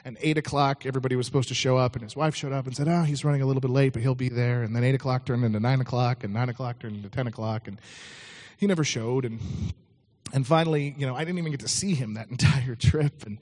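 A man's voice: medium pitch, fast, a little mellow. A man preaching a sermon, telling a story in a conversational way with frequent restarts.

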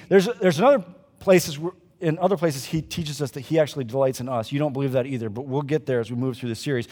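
At a church service, a male pastor delivers a conversational sermon, swinging between loud emphasis and quiet asides to the congregation. His voice is fairly high and fairly quick, trailing off into a long reverb.

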